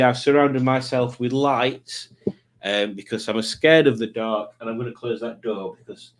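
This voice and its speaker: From a home streaming setup with lights, a man hosts a casual livestream, chatting in a loose, rambling way. His pitch is in the ordinary middle range, and he jokes easily as he greets people in the chat.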